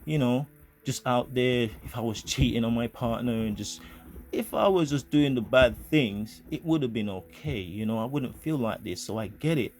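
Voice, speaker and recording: A man's voice: mid-range voice, normal speed, a little mellow. A man telling a personal spiritual story in an earnest, rambling way, full of fillers and restarts. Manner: earnest, grateful. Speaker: vlogger.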